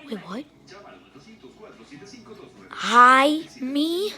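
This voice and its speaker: A woman chatting excitedly while filming her playful puppies, often gasping and exclaiming. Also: sits high, very slow, soft background music. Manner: excitable, shrieks and gasps, keeps exclaiming. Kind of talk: casual excited commentary.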